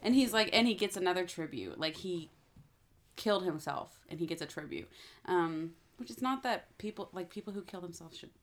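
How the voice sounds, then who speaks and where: A woman's voice: on the low side, expressive, a little fast. A woman co-hosting a podcast, casually recapping a TV episode, rambling with lots of fillers and acting out characters' lines. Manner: rambling, many fillers, acts out lines in quotes. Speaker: podcast co-host.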